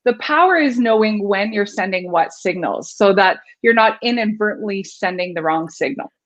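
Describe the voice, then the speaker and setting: A woman's voice: mid-range voice, expressive, moderate pace, highs cut off. A woman guest explaining communication and vocal delivery in an interview, demonstrating her points with her own voice. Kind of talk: instructive interview talk.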